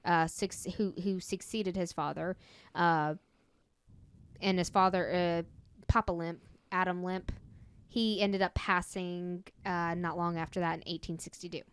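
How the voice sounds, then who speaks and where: A woman's voice: lowish voice, steady tone, a little slow, clean tone. A woman co-hosting a podcast, casually telling a story with lots of fillers and self-corrections. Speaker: podcast co-host.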